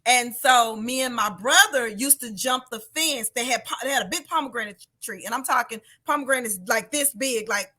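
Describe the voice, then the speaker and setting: A woman chef telling stories from her childhood in a lively, casual chat, laughing often and acting out the people in them. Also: fairly high pitch, moderate pace, hardly any pauses. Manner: animated storyteller, laughs often, acts out voices. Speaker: guest chef. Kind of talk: casual storytelling interview.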